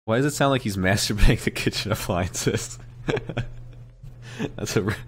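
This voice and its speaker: A young man giving excitable let's play commentary as a gaming streamer, swearing freely and reacting loudly to the game. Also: fairly low pitch, normal speed, a little hiss or hum.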